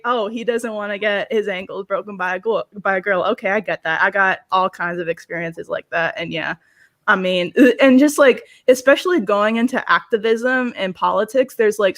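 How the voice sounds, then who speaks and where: A young woman from South Florida in a casual panel discussion, telling lively stories and acting out quoted exchanges. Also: mid-range voice. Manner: animated storyteller, acts out quoted exchanges.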